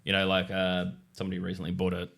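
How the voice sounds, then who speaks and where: A man's voice: low voice, quick pace, vocal fry. An Australian man, a guest on a podcast, telling stories in casual chat and laughing often. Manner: laughs often, relaxed storytelling. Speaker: podcast guest, wrap trainer.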